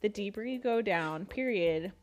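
A woman's voice: medium pitch, expressive, normal speed, highs cut off, faint music behind. A woman co-hosting a casual chat about a comic book, easygoing and agreeable, often laughing. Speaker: podcast co-host.

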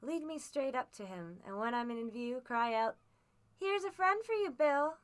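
A woman voicing a cruel blind old male beggar pirate who talks in a soft sing-song that turns cold and menacing. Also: a little high, animated, moderate pace, natural voice. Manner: soft-spoken singsong turning cold and menacing.

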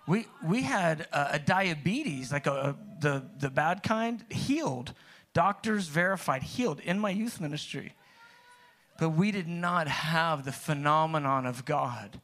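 A man's voice: fairly high pitch, expressive, measured pace, fairly bright tone. A man preaching, telling his own story in a conversational way, with restarts that build to emphatic peaks. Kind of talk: personal testimony sermon.

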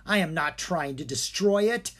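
A reader putting on a gloating dark wizard. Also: mid-range voice, animated, pitched above the performer's own voice. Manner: slow, gleeful, commanding. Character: gloating male dark wizard, cackling and commanding.

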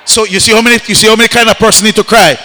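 A man preaching a sermon, shouting and leading the congregation in chanted call-and-response refrains. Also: sits high, fairly even intonation, very fast. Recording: echoey hall.

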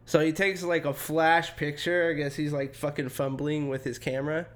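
A man co-hosting a podcast, telling a story in casual chat with loose phrasing, swearing and quick put-on voices for people in it. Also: a little high, little pitch movement. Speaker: podcast co-host.

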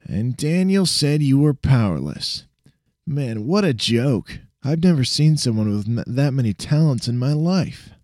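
A man's voice: medium pitch, expressive, unhurried, warm tone, no echo, clean studio sound, pitched above the performer's own voice, lightly acted. A man reading a story aloud, voicing a sarcastic, playful young male roommate with a mocking, teasing drawl.

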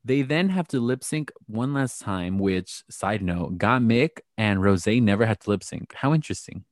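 A man's voice: on the low side, expressive, moderate pace, no room sound, clean studio sound. A man hosting a podcast, chatting casually through a recap with sarcastic asides. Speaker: podcast host.

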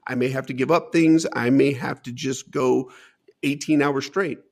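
A middle-aged man with a gravelly, fry-touched voice recounts his past as an interview guest. He talks earnestly, stumbling and repeating words as the memories come. His pitch sits at an ordinary middle for a man. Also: steady tone, moderate pace. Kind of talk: emotional personal storytelling.

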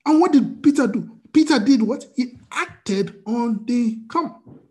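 A man's voice: extremely high pitch, lively intonation, measured pace, a little mellow. A man preaching a sermon as pastor, asking the congregation rhetorical questions.

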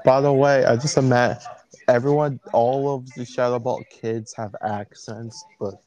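A man narrating and chatting casually during a fan role-play, rambling and halting. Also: medium pitch, fairly even intonation, darkish tone, muffled recording. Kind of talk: casual chat.

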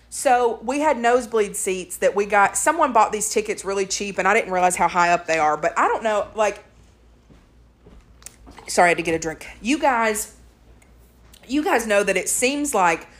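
A woman co-hosting a casual podcast, telling stories in a chatty way with quoted voices. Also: mid-range voice. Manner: chatty storyteller, animated retellings with quoted voices. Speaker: podcast co-host. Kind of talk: casual chat.

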